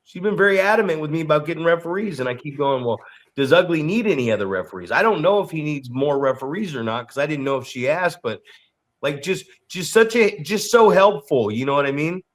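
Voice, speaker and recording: A man co-hosting a podcast and coaching wrestlers, telling stories in an animated way, repeating words and swearing freely. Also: fairly high pitch, fairly quick. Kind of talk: casual podcast chat.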